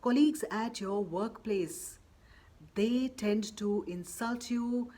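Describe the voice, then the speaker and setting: A woman's voice: fairly high pitch, slow, warm tone. A woman presenting workplace advice straight to her viewers, in a firm, emphatic way that keeps stepping through examples. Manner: firm and emphatic, repeating "or you could say" between examples. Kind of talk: direct-to-camera advice talk.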